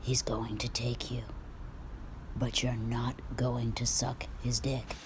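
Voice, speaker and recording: A woman doing a low whispered impression of a grim male action hero, as whispered role-play, slow and menacing. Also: little pitch movement, background noise, heavily acted.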